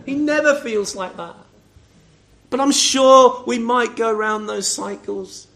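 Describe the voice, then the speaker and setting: A man's voice: extremely high pitch, slow pace, gravelly, fairly bright tone. A man preaching a sermon, talking conversationally, putting rhetorical questions to the congregation and calling on members by name. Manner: asks the listeners rhetorical questions.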